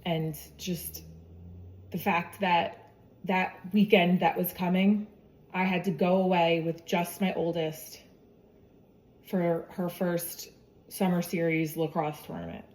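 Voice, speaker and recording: Woman, 40s, mother, low-ish voice; casual, chatty storytelling, often acts out what others said. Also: level tone, slow, darkish tone. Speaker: mother sharing her health story.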